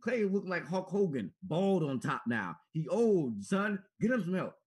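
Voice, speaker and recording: A man's voice: high-pitched, sing-song, measured pace, a little mellow. A man co-hosting a casual sports chat, brash and slangy, trash-talking and swearing.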